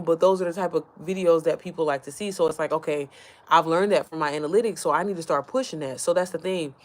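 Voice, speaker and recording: A woman chatting casually to her followers from home, rambling, easily sidetracked and often speaking straight to her viewers. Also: sits low. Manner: rambling, chatty, keeps addressing viewers directly. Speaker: online business creator.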